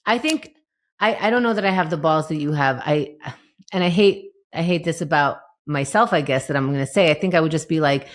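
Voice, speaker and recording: A woman co-hosting a podcast in casual chat, animated and self-deprecating. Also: low voice, brisk. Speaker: podcast co-host.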